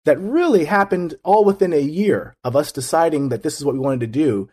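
A man's voice: on the high side, lively intonation, brisk, a little mellow, husky. A man as an interview guest, talking in an earnest, reflective way with frequent restarts. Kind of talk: casual conversation.

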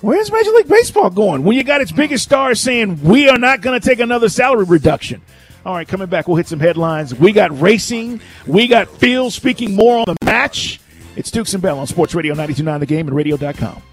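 Over soft background music, a sports radio co-host speaks fairly fast in a voice that sits high. He keeps the energy up and reads promos for the station, including its phone number, between segments.

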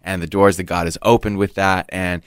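A man's voice: sits low, flat delivery, a little fast, clear, resonant tone, no echo. A man in his forties with a mixed American and Australian accent, a cheerful, earnest radio guest who laughs often. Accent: mix of American and Australian. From United States. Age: 40s. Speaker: interview guest, worship singer. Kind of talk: casual radio interview. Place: radio studio. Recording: dry studio sound.

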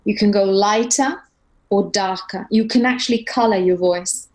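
A woman's voice: normal speed, low-quality recording. A middle-aged woman, a voice coach and opera singer, talking in an interview and demonstrating how to colour the voice. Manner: animated, demonstrates vocal colour by shifting pitch. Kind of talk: conversational interview.

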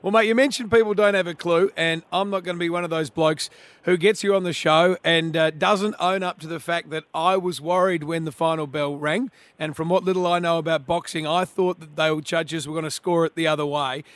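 A man's voice: a little high, steady tone, fairly quick, fairly bright tone, no room sound. A man with an Australian accent hosting a radio interview in a matey, self-deprecating way. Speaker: radio host.

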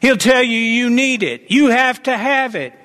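Male pastor, high bright voice, emphatic exhorting sermon delivery, long hall echo. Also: animated, measured pace. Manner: emphatic, exhorting preacher, repeats declarations.

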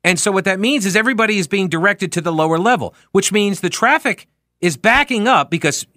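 Talk radio host, male, bright and forceful, sarcastic ranter, dry studio sound. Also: high voice, animated, a little fast, no room sound. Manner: sarcastic, ranting, many fillers. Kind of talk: casual talk radio monologue. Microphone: studio microphone.

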